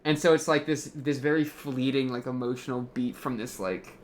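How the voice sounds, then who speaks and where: A man's voice: mid-range voice, steady tone, moderate pace, slight background noise. A young man hosting an anime reaction, talking casually and rambling, full of fillers as he thinks aloud.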